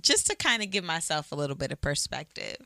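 Candid, low-voiced woman chatting. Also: very animated, fast talker, pushed and bright, dry recording, clean studio sound. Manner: loose and candid, swears, many fillers. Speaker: podcast co-host. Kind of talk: casual chat.

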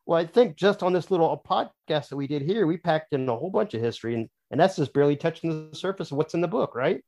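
A man's voice: fairly high pitch, expressive, fast, a little mellow. A man, an author and podcast guest, explaining his views at length in casual, opinionated conversation.

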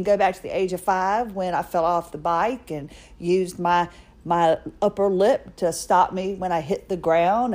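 In a casual monologue, a middle-aged podcast host recounts a personal story, chatty and poking fun at herself. Her voice leans low with a darkish color.

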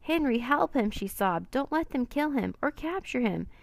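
A woman's voice: mid-range voice, moderate pace, gravelly, no room sound, close to an everyday voice. Woman reading as Annie, a kind-hearted young girl. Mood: pleading.

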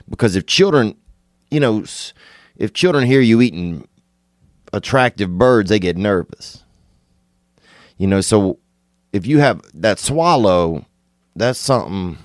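A man from Louisiana delivering a rambling, digressive comedic monologue, now and then jumping into sudden high, excited bursts. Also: dry recording, studio quality.

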